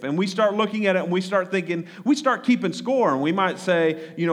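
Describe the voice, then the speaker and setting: A man's voice: high-pitched, fairly quick, hardly any pauses. A man preaching a conversational sermon, often repeating words and asking the congregation questions. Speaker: pastor.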